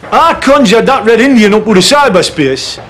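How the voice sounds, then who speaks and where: A man's voice: sits high, animated, moderate pace, a bit bright. A middle-aged man with a Geordie accent, playing a pushy, boastful builder who talks his mates into a shady deal. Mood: insistent. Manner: brash, pushy, blokey.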